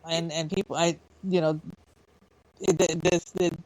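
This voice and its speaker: A woman's voice: on the low side, flat delivery, a little slow, a little mellow, no room sound, rough recording. A woman co-hosting a radio talk show, chatting casually with frequent restarts and easy laughter. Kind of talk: casual chat.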